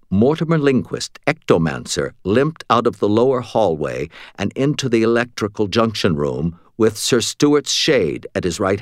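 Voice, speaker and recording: Man, audiobook narrator, first-person storytelling, steady, low voice, dry close recording. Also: dry recording.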